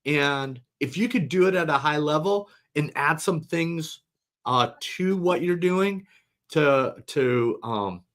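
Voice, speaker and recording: Relaxed rambling middle-aged man. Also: a little high, takes it slowly. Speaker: guest, company founder. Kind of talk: casual webinar talk.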